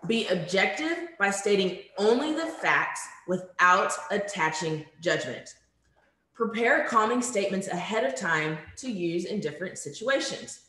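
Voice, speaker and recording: A woman running an online staff training from her home, speaking casually and warmly to attendees with many fillers. Her voice sits in the middle of the range. It bounces around an echoey room over a video call. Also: mid-range voice. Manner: conversational, friendly, many ums. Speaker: workshop facilitator. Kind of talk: virtual conference training talk.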